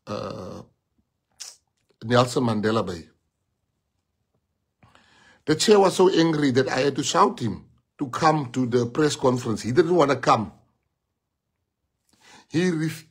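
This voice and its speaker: A South African man delivers a rally-style speech to party members. He tells the story emphatically, repeating words and acting out the dialogue. His voice sits at an ordinary pitch with a husky, grainy tone. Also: a little mellow. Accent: South African English. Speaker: party leader addressing members.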